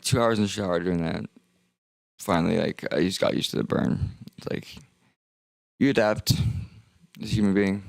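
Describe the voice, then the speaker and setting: A man's voice: lowish voice, creaky, no echo. A young man streaming, rambling and joking in casual talk that trails off into mumbles.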